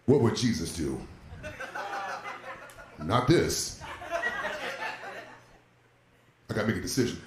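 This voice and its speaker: A man's voice: lively intonation, a little slow, long pauses, crowd noise. Profane storytelling male stand-up comic. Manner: profane, storytelling, swings into loud high quoted voices. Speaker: stand-up comedian. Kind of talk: stand-up comedy set. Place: comedy club stage, live audience. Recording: roomy club echo.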